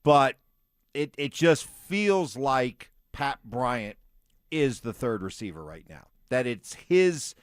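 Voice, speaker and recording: A man's voice: medium pitch, big pitch swings, takes it slowly, clean tone, dry recording, studio quality. A man hosting a sports radio show, steering the talk with questions and takes. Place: radio studio.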